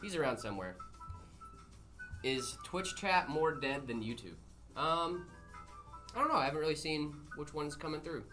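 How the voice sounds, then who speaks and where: A man's voice: fairly high pitch, expressive, moderate pace, long pauses, over music. A young man co-hosting a casual livestream, reading chat aloud with playful, jokey banter. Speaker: livestream co-host. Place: studio in Phoenix, Arizona.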